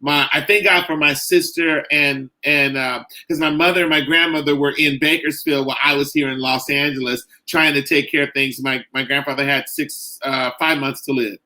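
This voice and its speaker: A middle-aged man, a caregiver and author, talking earnestly in a podcast interview, halting and full of "you know" and "like". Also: fairly high pitch, steady tone, sharp tone, low-quality recording.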